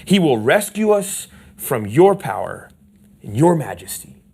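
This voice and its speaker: A man's voice: medium pitch, big pitch swings, a little slow, vocal fry, breathy edge. Passionate man preaching a sermon. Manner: passionate preaching, leads call-and-response; swings from hushed asides to loud emphatic lines. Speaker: pastor. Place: church sanctuary.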